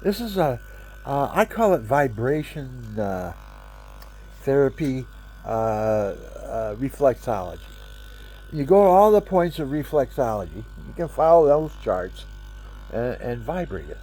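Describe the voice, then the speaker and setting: Older man with a husky, stuffy-nosed voice. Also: mid-range voice, very animated, measured pace, mellow. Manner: rambling, chatty, demonstrating as he talks. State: stuffy nose, talking through his nose. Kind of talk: casual vlog monologue.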